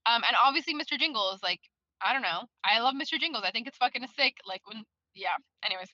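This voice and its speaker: Bright-voiced woman rambling and cursing on a call while driving, kinda lo-fi. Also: a little high, fast talker, no echo. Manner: rambling, swears a lot, lively. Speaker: book club member. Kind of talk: casual chat.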